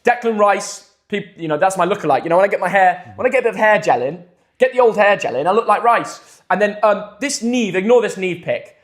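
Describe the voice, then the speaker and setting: A young man with a high voice hosts a live football stream. He is excitable and jumps from loud hype to quick chatty asides.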